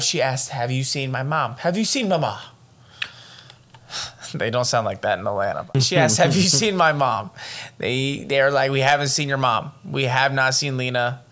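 A man's voice: fairly high pitch, a bit bright. A young man co-hosting a podcast, telling a true-crime story casually with profane joking asides. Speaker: podcast co-host.

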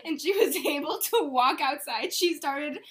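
A woman's voice: sits high, measured pace, a bit bright. A young woman co-hosting a podcast, telling a story in casual chat, swearing freely and laughing often with exasperation. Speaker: podcast co-host.

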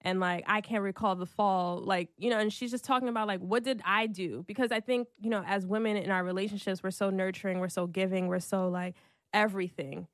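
Woman in her 30s just chatting openly, says like constantly, laughs easy, mid pitch, super dry close sound. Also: fairly even intonation, a little fast, no room sound. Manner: chatty, leans heavily on "like", laughs often. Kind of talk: casual heartfelt conversation.

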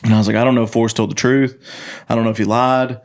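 Animated storytelling man, casual and profane. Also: medium pitch, racing. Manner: animated, swearing, acts out quoted voices. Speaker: podcast host, country singer.

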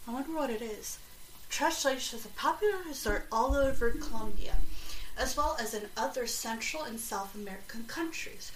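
A woman podcaster reads at an unhurried, halting pace, stopping for chatty little asides. She sits back from the microphone in a roomy, echoing space with a faint hum of ambience behind her. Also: a little high. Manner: slow, halting reading with chatty excited asides. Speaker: podcast host. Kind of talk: casual podcast reading aloud with asides. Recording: roomy echo, distant from mic, faint ambience.

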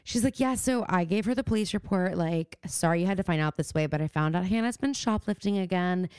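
A woman's voice: lowish voice, a little fast, a little mellow, clean tone, no room sound. A young woman co-hosting a podcast, chatting casually and swearing freely as she acts out quotes. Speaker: podcast co-host. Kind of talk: casual recap chat. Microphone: remote call mic.

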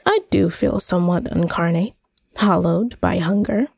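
A woman reading a first-person short story aloud in a measured, wry way. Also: on the low side, gravelly, darkish tone, breathy edge, no echo. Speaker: reader.

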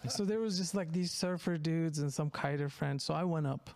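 A man speaking English with a Turkish accent, his rather high voice full of gravelly fry. He rambles through his comedy stories with frequent laughs and false starts. The sound is close and dry. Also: brisk, hardly any pauses, a little mellow, no echo. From Turkey. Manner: rambling, laughs often, many restarts. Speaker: stand-up comedian guest. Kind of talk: casual storytelling interview.

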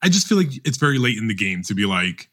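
Bright-voiced man in animated podcast chat. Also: lowish voice. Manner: animated, self-interrupting, quick restarts. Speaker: podcast host. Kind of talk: casual roundtable chat.

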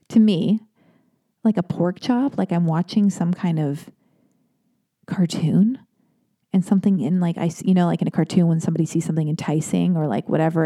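A woman's voice: medium pitch, creaky, warm tone. A woman hosting an advice segment who answers a listener letter in casual chat, candid and self-deprecating, wandering into long digressions and swearing freely.

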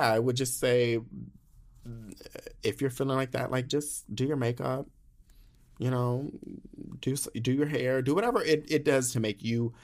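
A young man hosting a podcast, talking candidly in a sassy, animated way, full of slang and swearing. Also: mid-range voice. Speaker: podcast host. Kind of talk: candid casual monologue.

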